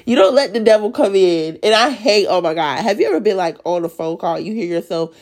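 A woman with a raspy, sinus-strained voice giving an emotional, earnest faith talk as a Bible study leader, stuttering and restarting as she goes. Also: medium pitch, animated, brisk, darkish tone. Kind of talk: casual devotional talk.

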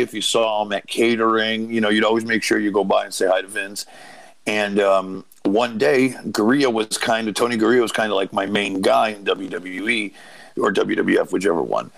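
A man's voice: fairly low pitch, vocal fry, fairly bright tone, poor audio. A man in his fifties, a native Portuguese speaker, telling rambling stories as a guest with many fillers and asides. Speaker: guest, former wrestler. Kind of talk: casual storytelling.

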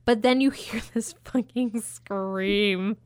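A woman's voice: medium pitch, slow, darkish tone, smooth, no echo. Casual swearing woman, dry close sound. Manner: rambling, swears a lot, acts out characters. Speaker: podcast co-host. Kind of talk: casual chat retelling a film.

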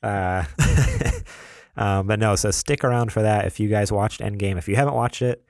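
A man in his thirties with a very low voice co-hosts a casual podcast, easygoing and teasing, often breaking into laughter. His voice is recorded dry and close to the mic. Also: huge pitch swings, unhurried, creaky, a little mellow, no echo. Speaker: podcast co-host.

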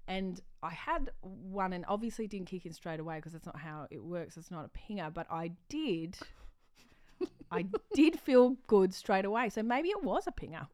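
A woman's voice: medium pitch, animated, normal speed, darkish tone. A woman comedian chatting casually in an interview, telling self-mocking stories and laughing often. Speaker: comedian guest.

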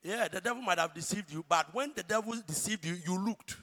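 High bright ghanaian guy preaching, big swings from shouting to hushed, echoey hall. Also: brisk. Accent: Ghanaian English. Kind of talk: sermon. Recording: church hall reverb.

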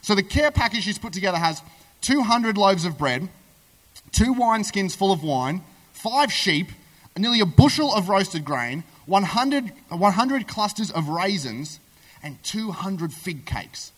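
Brief: conversational preacher, man, slightly high voice, long hall reverb. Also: unhurried, slightly rough. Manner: animated storytelling, conversational. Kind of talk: sermon. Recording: echoey hall.

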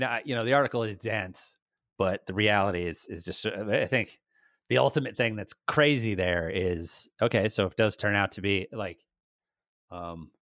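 A man co-hosting a casual podcast chat, talking in an animated way and acting out little quoted voices. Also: lowish voice, no room sound, studio quality. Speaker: podcast co-host.

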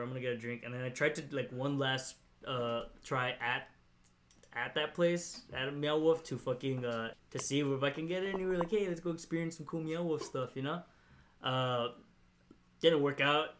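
This young podcast storyteller has a mid-range, fairly bright voice with fairly even intonation and a moderate pace. He wanders through a long, casual story, cursing freely, laughing, and stuffing it with "like" and "you know."

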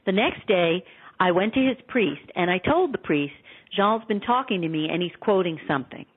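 A woman author telling stories in an earnest, animated way in a radio interview. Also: lowish voice, moderate pace, slightly rough. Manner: earnest, animated storytelling with quoted dialogue. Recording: tinny phone line.

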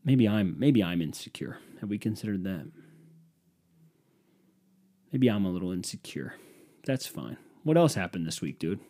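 A man's voice: deep voice, very animated, normal speed, pauses often, mellow. A young man hosting a podcast, telling a profane, exasperated story in a casual solo rant. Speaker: podcast host.

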